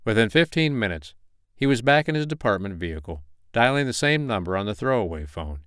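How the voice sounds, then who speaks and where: A man narrating a romance novel as an audiobook in a steady, even reading voice, close to the mic. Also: mid-range voice, a little fast, clear, resonant tone, no echo. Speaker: audiobook reader.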